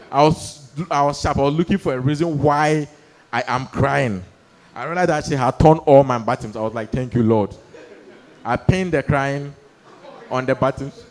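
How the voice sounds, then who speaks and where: A young man doing stand-up storytelling on stage, animated, acting out voices and laughing through his lines. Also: fairly high pitch. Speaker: stand-up comedian. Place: comedy stage before a live audience.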